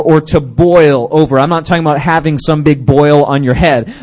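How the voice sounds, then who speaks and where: A man preaching a casual youth sermon at a church service, chatty and jokey, with frequent restarts. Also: a little high. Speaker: youth pastor.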